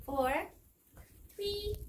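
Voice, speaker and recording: Woman, gentle singsong, slow lullabies and chants, very lively pitch, echoey home room. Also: recorded from a distance, very noisy. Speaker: home video maker. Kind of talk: singing lullabies and playing to a baby.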